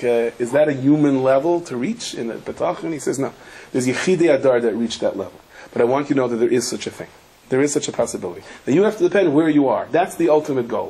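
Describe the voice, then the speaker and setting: A man giving a Torah lecture as a rabbi, telling stories with lively acted-out voices and sprinkling Yiddish and Hebrew terms. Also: medium pitch, a little hiss or hum. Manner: animated storyteller acting out characters, with Yiddish and Hebrew terms.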